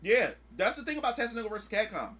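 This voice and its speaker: A man streaming a casual chat, excitable and swearing freely, acting out his own past reactions. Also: sits high, racing. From United States.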